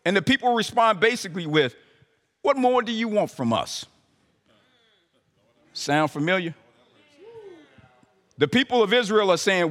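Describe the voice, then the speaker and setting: A man's voice: sits high, expressive, measured pace, pauses often, fairly bright tone. A man preaching a sermon, talking to the congregation conversationally with emphatic rising calls. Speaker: pastor. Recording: live sermon in a reverberant hall.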